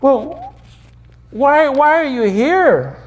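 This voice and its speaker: A man's voice: extremely high pitch, wildly swooping pitch, moderate pace, exaggerated voice. A preacher playing a puzzled male angel who questions a newcomer in disbelief. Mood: baffled. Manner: incredulous, questioning.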